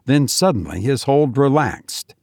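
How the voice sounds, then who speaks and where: A man narrating a story in a measured reading. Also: medium pitch, sing-song, gravelly, a little mellow, no echo, clean studio sound. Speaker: audiobook reader. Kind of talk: scripted narration.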